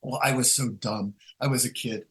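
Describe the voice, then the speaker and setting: Heard on a poor-quality recording, a guest author with a medium-pitched voice talks at normal speed. His casual storytelling wanders, with frequent restarts and lively acted-out quotes.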